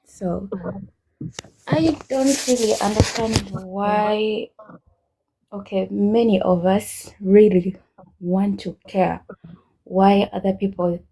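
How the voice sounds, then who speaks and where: A woman calls in to a livestream. She speaks slowly and hesitantly in a mellow, husky voice. She picks her words with care. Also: medium pitch, steady tone, low-quality recording. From Uganda. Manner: slow, hesitant. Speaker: caller. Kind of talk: casual call-in talk.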